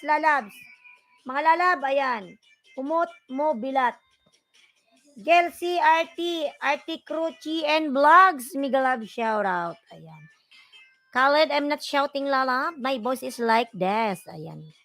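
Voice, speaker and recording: A woman with a Filipino accent hosting a casual livestream, reading viewer comments and calling out loud shout-outs in English and Filipino. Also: high-pitched, no room sound. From Philippines. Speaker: livestream vlogger.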